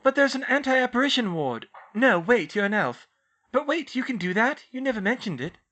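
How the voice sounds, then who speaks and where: A man's voice: extremely high pitch, sing-song, normal speed, pushed and bright, voice pushed up, full character voice. A man voicing an anxious teenage schoolgirl witch who talks in a flustered rush. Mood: alarmed.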